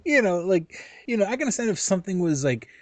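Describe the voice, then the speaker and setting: A man's voice: sits high, sing-song, quick pace, no room sound. A man co-hosting a podcast, reacting to the story with agreement and heavy swearing. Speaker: podcast co-host. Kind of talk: casual podcast chat.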